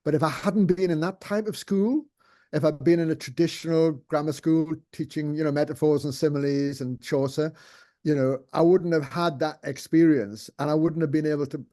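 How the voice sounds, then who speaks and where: An older man talks through his memories in an interview. His voice is warm and mellow, pitched a little high for a man, and he rambles with fillers and restarts. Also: fairly even intonation, normal speed. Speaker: interview guest, former TV executive producer. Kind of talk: casual interview chat.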